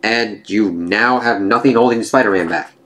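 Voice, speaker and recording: A sneering mad scientist who relishes his schemes, voiced high and loud over a naturally low male voice by a man reading comic panels aloud. He sounds theatrical and pleased with himself. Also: normal speed, close to an everyday voice. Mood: gloating.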